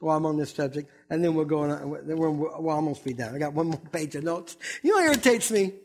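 Fiery high-voiced preaching man. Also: lively intonation, fast, darkish tone. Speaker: pastor. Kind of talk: sermon.

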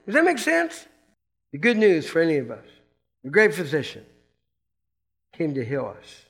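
An older man preaching a sermon as pastor, animated and folksy, swinging between loud excitement and quiet emphasis, with surfer slang. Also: high-pitched.

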